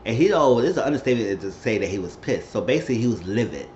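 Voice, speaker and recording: A man's voice: medium pitch, sing-song, racing, darkish tone. A man giving a chatty, slangy, rambling recap of a reality TV episode in a casual spoken style. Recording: roomy, dull recording with faint hiss.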